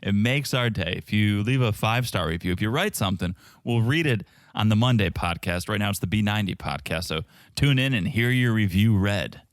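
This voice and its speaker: A man's voice: fairly low pitch, lively intonation, fairly quick, hardly any pauses, no room sound, clean studio sound. A man co-hosting a podcast, recapping reality TV in casual, wisecracking chat. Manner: wisecracking, skeptical. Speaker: podcast co-host.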